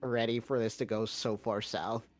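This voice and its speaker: A man's voice: on the low side, steady tone, unhurried. A man playing a tabletop game, talking playfully and laughing. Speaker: player. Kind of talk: tabletop role-play chat.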